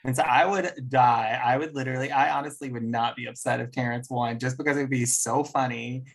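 A man's voice: medium pitch, steady tone, a little fast, vocal fry. A man co-hosting a casual chat about reality TV, frank and opinionated, laughing often. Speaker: podcast co-host.

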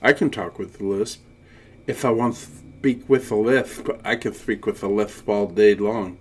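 A man's voice: lowish voice, steady tone, a little slow, a little hiss or hum. A man co-hosting a podcast, chatting casually. He reminisces and drifts into quoting old TV shows, keeping a talkative, easy flow. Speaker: podcast co-host. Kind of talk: casual chat.

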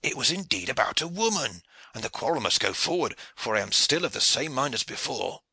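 A man's voice: medium pitch, very animated, fairly quick, creaky, pushed and bright, breathy edge, no room sound, pitched above the performer's own voice, heavily acted. A man voicing a veteran English archer, boisterous and peppered with French oaths. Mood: hearty. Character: veteran male English archer, hearty and blunt.

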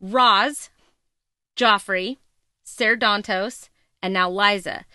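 A woman co-hosting a podcast, recapping a TV episode in casual, emphatic, animated storytelling. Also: medium pitch, very slow, smooth, no echo, clean studio sound. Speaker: podcast co-host.

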